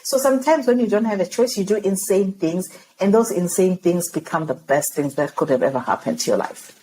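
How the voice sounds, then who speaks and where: A woman from Zimbabwe, a podcast guest telling her own story in conversation, lively and laughing often as she acts out dialogue. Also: fairly low pitch, fairly quick, a little hiss or hum, low-quality recording.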